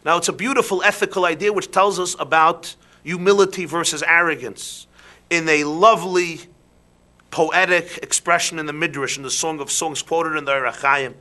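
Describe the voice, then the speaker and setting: Male rabbi, sermon; high, bright voice, animated questioning delivery. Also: moderate pace. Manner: animated, rhetorical questions, drops to soft emphasis.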